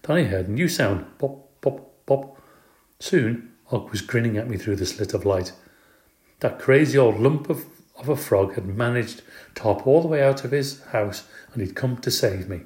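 A man narrating a children's storybook in an expressive, playful way. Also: mid-range voice, normal speed. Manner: expressive, playful, does character voices. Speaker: audiobook reader. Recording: echoey room.

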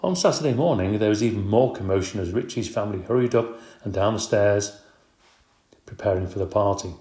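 A man reading a children's storybook aloud in an expressive, brisk way. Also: fairly low pitch. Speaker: audiobook narrator. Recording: roomy echo.

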